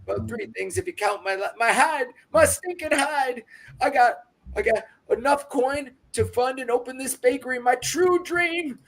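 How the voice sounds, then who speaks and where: A man's voice: extremely high pitch, normal speed, a bit bright. A man voicing a rambling, anxious middle-aged baker and ex-crook who dotes on his pet dragon, in a rustic drawl for a tabletop game. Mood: sheepish. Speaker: game master. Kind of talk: tabletop role-play character voice.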